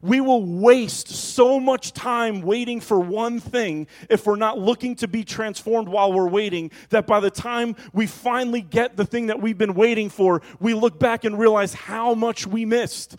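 A man preaches a relaxed, conversational sermon, teasing and addressing his congregation directly. His voice sits noticeably high for a man. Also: unhurried, hardly any pauses, rough recording. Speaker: pastor.

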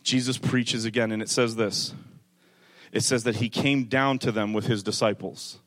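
A male pastor preaching a sermon, moving from calm teaching to rising, emphatic delivery, with conversational asides to the congregation. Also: normal speed. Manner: builds from calm teaching to loud, high-pitched preaching.

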